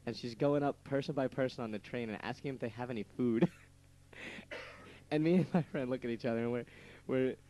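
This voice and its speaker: A man's voice: medium pitch, fairly quick, warm tone. Stammering young man rambling on radio. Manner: rambling, stammering storyteller who laughs at his own jokes. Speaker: radio show co-host. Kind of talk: casual radio banter.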